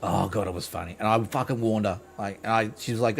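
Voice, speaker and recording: A man's voice: lowish voice, quick pace, creaky, few pauses. A man streaming live, telling a rambling, profane story with lots of restarts. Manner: rambling, swears freely, restarts a lot. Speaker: game streamer.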